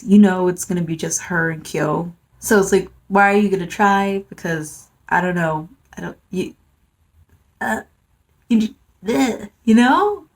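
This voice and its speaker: A woman's voice: medium pitch, darkish tone. A woman giving a casual manga review, rambling and dry, full of fillers and sarcastic asides. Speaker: book reviewer.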